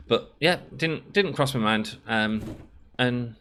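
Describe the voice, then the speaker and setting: Man, late 30s, bright middle-pitched voice, rambling gaming host who acts out the dialogue in his stories. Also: sing-song, moderate pace, hardly any pauses. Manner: rambling, acts out both sides of quoted dialogue. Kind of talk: casual storytelling while playing a game.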